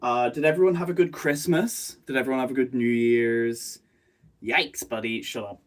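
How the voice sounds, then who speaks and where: A man's voice: mid-range voice, fairly even intonation, moderate pace. A man chatting casually on a live stream from his bedroom, self-mocking, jokey and rambling, speaking into a phone rather than a proper microphone. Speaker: streamer and animator. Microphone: phone, not a proper microphone.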